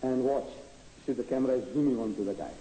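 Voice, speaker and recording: A man's voice: medium pitch, quick pace, warm tone. A man answering audience questions at a public lecture, emphatic and combative, firing off rhetorical questions. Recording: echoey hall with faint noise, archive tape.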